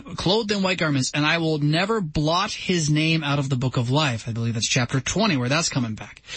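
A man's voice: a little high, a bit bright, husky, no echo, low-quality recording. A man hosting a radio talk show, teaching through a Bible passage in a conversational way, reading verses emphatically and adding his own asides.

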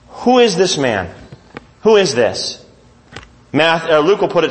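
A man's voice: fairly high pitch, big pitch swings, normal speed, pauses often. A man preaching as pastor, reading scripture aloud and putting questions to his congregation. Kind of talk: sermon.

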